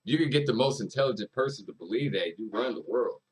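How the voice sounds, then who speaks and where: A man's voice: mid-range voice, animated, fast, slightly rough, rough recording. A man hosting a music reaction video, talking casually and emphatically, repeating lyrics and hyping up the artist.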